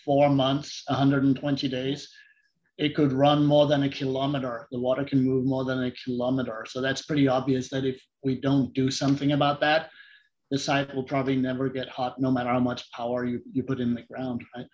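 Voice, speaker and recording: A man hosting a technical interview, introducing guests and asking courteous, measured questions. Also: medium pitch, monotone, darkish tone, lo-fi sound. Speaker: host.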